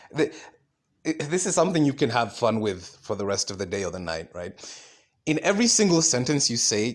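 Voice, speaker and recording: Man, mid-pitched, solo podcast monologue, rambling, swears, many fillers and restarts. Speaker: podcast host.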